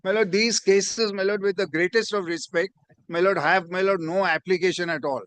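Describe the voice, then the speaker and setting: High-voiced advocate. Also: male voice, steady tone, moderate pace, a bit bright, no echo. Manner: deferential, peppers every phrase with "my lord". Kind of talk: formal courtroom argument. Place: courtroom.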